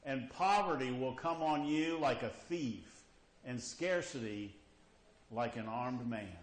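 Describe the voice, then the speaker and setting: A man's voice: medium pitch, slow pace. A man preaching a sermon, often checking in with his listeners with questions like "okay?" and "you see?". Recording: echoey room.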